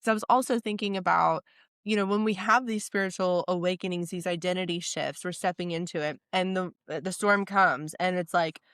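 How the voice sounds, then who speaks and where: A woman's voice: on the low side, fairly even intonation, fairly quick, fairly bright tone, clear, resonant tone, no echo, studio quality. A woman hosting a podcast, chatting casually and reflectively with her guest and laughing easily. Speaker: podcast host.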